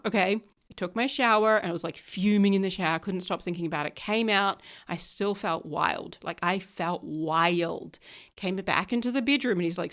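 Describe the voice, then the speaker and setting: A woman in her thirties hosting a casual solo podcast, chatty and often checking in with her listeners. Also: lowish voice. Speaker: podcast host.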